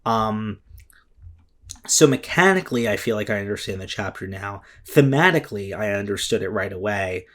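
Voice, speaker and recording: Guy with a lowish voice rambling on his vlog, lots of ums, restarts, swearing, all heart. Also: animated, moderate pace, fairly bright tone. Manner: rambling and emotional, many fillers and restarts, swears. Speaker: vlogger reviewing a comic chapter. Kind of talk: casual spoken commentary.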